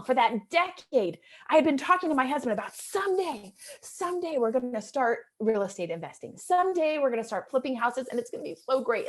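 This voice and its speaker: High-voiced woman in her 30s telling a heartfelt story to a crowd, earnest, goes from hushed to excited. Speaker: real estate investor speaker. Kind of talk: personal story told to an audience.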